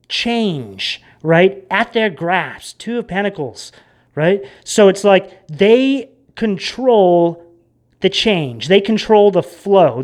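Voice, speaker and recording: A man's voice: high-pitched, a little mellow. A man giving a casual tarot reading in a rambling, emphatic way that gets worked up. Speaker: tarot reader.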